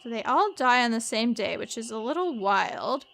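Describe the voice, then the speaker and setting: A woman's voice: on the high side, lively intonation, moderate pace, vocal fry, a bit bright, slight background noise. A woman streaming a mystery game, chatting casually and rambling in asides to her viewers. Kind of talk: casual let's-play chat.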